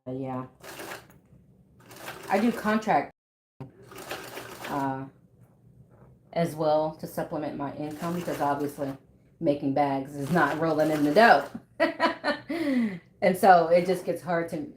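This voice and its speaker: A woman's voice: sits low, lively intonation, takes it slowly, pauses often, noisy background. A woman in her thirties chatting casually with viewers while she sews at home, laughing often and talking to them by name. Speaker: bag maker live-streaming while sewing. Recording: echoey room.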